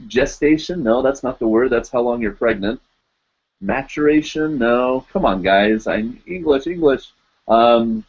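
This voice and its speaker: A man hosting a casual live chat, rambling and searching for words, full of fillers and restarts. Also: mid-range voice. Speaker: podcast host. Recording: dull lo-fi stream audio.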